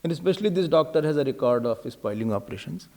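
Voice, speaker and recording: A man's voice: a little high, animated, fast talker, a little mellow. A man with an Indian English accent giving a sermon as a swami, repeating key phrases for emphasis and slipping Hindi words into his English. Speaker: swami giving a spiritual talk.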